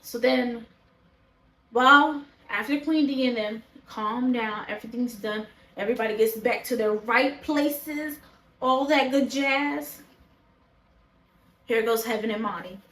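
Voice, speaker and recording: A woman's voice: on the high side, measured pace, a bit bright, reverberant, poor audio. A woman reviewing a reality show in casual chat to camera, blunt, profane and opinionated. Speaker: show reaction vlogger. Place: indoors, talking to a camera.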